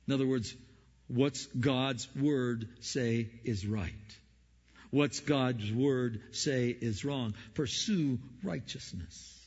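A male pastor preaching slowly and deliberately, leaning on emphasis and rhetorical questions. His voice carries a long hall reverb, and the recording sounds dull and lo-fi. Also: medium pitch, expressive, breathy edge. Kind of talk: sermon.

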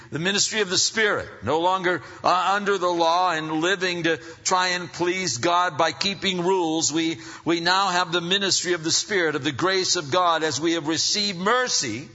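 A man preaching a sermon as pastor, animated, going from loud emphasis to soft asides. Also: fairly high pitch, normal speed. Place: church hall. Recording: dull sound, long hall reverb.

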